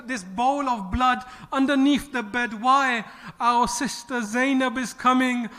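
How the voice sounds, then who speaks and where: A man delivering an impassioned mourning sermon, slow and dramatic, rising to cries. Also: extremely high pitch, sharp tone, long reverb tail. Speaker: mourning speaker.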